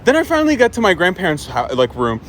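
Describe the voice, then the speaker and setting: A man's voice: sits high, huge pitch swings, fast talker, a little hiss or hum. A young man from the Middle East telling a funny family story casually, laughing often.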